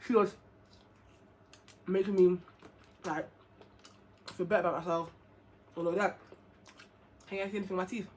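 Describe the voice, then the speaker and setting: A woman's voice: on the low side, normal speed, long pauses, slight background noise. A young woman from England, telling a personal story to camera in a casual, chatty vlog, acting out the dialogue. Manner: chatty, animated, acts out quoted dialogue. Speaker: vlogger.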